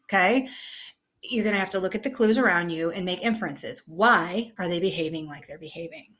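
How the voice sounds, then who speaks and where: A woman's voice: fairly low pitch, a little fast, a bit bright. A woman teacher talking casually through an online lesson, peppering her explanations with "okay" and "you know.". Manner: conversational, many fillers like "okay" and "you know".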